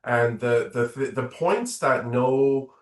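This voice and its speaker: A man's voice: mid-range voice, slow, echoey room. A man hosting a podcast interview, asking eager, rambling questions. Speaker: podcast host. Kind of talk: casual interview.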